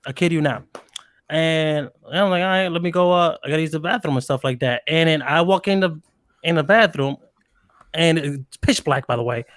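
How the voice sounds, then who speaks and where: A young man telling a story in a casual group chat, animated and profane, loudly acting out what was said. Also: fairly high pitch, moderate pace, no room sound.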